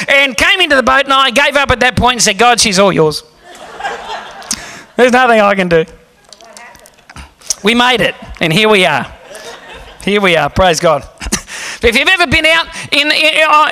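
A man preaching a sermon, telling a story in an animated, humorous way. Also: extremely high pitch. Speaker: pastor.

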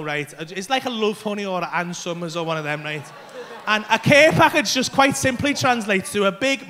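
A brash, sweary stand-up man in his thirties, working a club stage. His voice sits very high and bright, with a sharp, forceful edge. He throws in sudden shouts as the story builds. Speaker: stand-up comedian. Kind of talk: stand-up comedy set.

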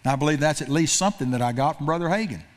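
A man's voice: fairly high pitch, very fast. A man preaching a sermon as pastor, telling a story with frequent repetitions and self-corrections.

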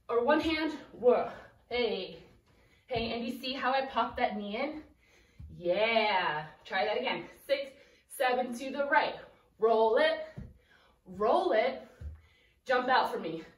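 A woman's voice: sits high, a bit bright, distant mic. A young woman teaching a children's dance routine, counting beats and calling out steps while she dances, slightly out of breath. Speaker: dance instructor. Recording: echoey room, voice from afar.

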